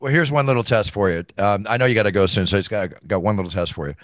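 A man's voice: on the low side, very fast, no echo, studio quality. A man hosting a casual interview show, encouraging his guest and laughing easily. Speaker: show host.

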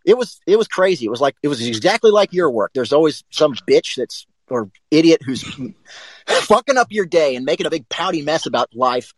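A man co-hosting a live sports talk show, telling a rambling, profane story in a casual, animated way. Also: on the high side, moderate pace, no room sound, poor audio.

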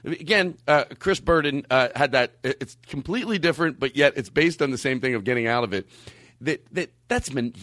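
A man's voice: a little high, fairly bright tone, no room sound, clean studio sound. A man hosting a casual comedy podcast, joking, swearing and laughing easily. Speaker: podcast host.

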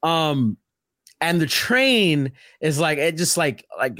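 A young man from Brooklyn, rambling in a casual podcast chat, full of "like" and quick asides. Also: on the high side, dry recording, clean studio sound. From Brooklyn, New York. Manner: rambling, animated, heavy on filler "like".

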